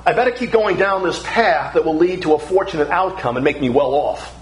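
A man's voice: a little high, brisk, a little hiss or hum, poor audio. A middle-aged man preaching a sermon, emphatic and building through repeated phrases.

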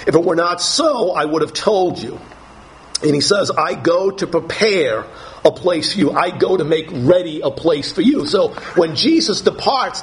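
A man preaching a sermon, reading scripture aloud slowly and explaining it with emphasis. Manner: slow, emphatic scripture reading, rising to higher pitch when dramatizing.

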